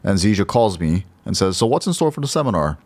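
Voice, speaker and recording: A man with a very low voice hosts a relaxed podcast. He runs through the announcements loosely, with many ums and uhs. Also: quick pace, no echo. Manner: loose, filler-heavy announcements. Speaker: podcast host. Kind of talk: casual chat.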